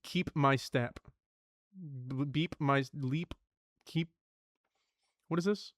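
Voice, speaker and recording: A man's voice: fairly high pitch, slow, dry recording, studio quality. A young man streaming himself solving word puzzles, thinking aloud, swearing and muttering clues to himself.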